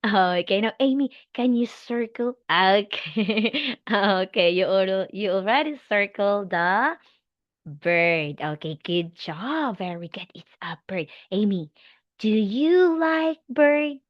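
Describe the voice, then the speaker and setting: Slow, lively woman teaching a child. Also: medium pitch, no room sound, highs cut off. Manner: slow, animated, encouraging, with animal sounds. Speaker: English teacher. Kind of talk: demo lesson for a young child.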